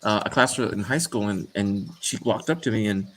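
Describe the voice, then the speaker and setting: Brief: middle-aged man, co-host, lowish voice, stop-start storytelling. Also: animated, fairly bright tone, slight background noise. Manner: halting, frequent restarts and "uh"s. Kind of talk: casual chat, personal storytelling.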